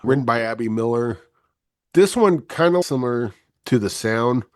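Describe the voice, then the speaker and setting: A man reviewing films on a casual podcast, talking in a low, monotone, laid-back way. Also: moderate pace, no room sound, studio quality. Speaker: film reviewer, co-host.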